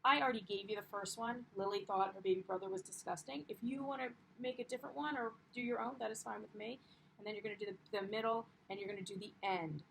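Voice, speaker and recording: A woman's voice: medium pitch, fairly even intonation, fast, creaky, slight background noise, poor audio. A young woman teaching a primary class, upbeat and encouraging, with frequent ums as she explains the lesson. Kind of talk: classroom read-aloud lesson.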